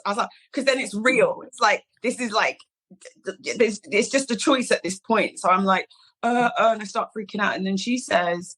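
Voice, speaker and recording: A woman's voice: medium pitch, moderate pace, fairly bright tone, poor audio. A woman in her thirties with a London accent, a salon founder telling stories in a casual interview and acting out the people she quotes. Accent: London English. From England. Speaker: guest, hairdresser and salon founder.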